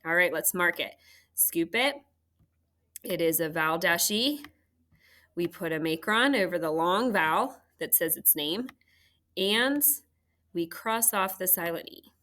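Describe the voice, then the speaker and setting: A woman's voice: on the low side, animated, unhurried, bright, forceful tone. A woman teaching a third grade phonics lesson, patiently sounding out words for students at home.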